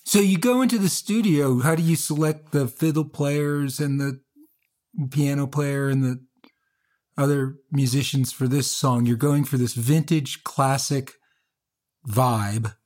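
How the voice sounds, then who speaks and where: A man's voice: mid-range voice, measured pace, darkish tone. Male interview host, mid-range voice, curious and searching. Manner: curious, searching, rephrases questions. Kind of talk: interview questions.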